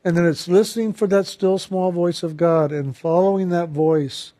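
A man calmly recounting a personal story and turning it into a spiritual lesson, earnest and reflective, slowing down on the phrases he wants to stress. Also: sits high. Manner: calm, earnest, reflective, with slowed emphasis on key phrases.

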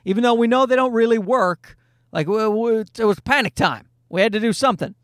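A man's voice: sits high, a little fast, no room sound, studio quality. A middle-aged man, a comedian, telling a rambling, self-deprecating story in casual monologue and swearing freely. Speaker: comedian and podcast host.

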